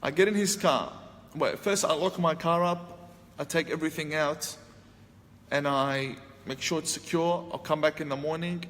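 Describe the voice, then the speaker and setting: A man's voice: fairly high pitch, moderate pace, fairly bright tone. A man telling a personal story to an audience, acting out his own past lines with a sharply raised voice. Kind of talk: storytelling talk. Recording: long hall reverb, faint ambient noise.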